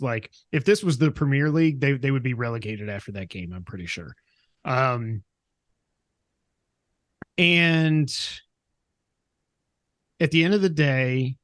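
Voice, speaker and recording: A man's voice: mid-range voice, dry recording. A man talks casually on a podcast, teasing his co-host and rambling through his thoughts. His voice sits mid-range. It is recorded close and dry, with no room sound. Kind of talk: casual chat.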